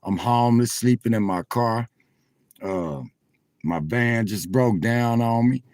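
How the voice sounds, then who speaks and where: A man's voice: medium pitch, takes it slowly, darkish tone, no room sound. A man livestreaming from his car on his phone, chatting straight to viewers with preacher-like swells. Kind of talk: casual livestream chat. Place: in a parked car at a truck stop.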